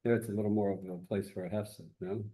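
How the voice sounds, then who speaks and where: A man's voice: on the low side, flat delivery, quick pace, warm tone, low-quality recording. A man in a religious study class, putting in short questions and remarks. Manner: brief questioning interjections. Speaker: student in the class. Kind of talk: study discussion.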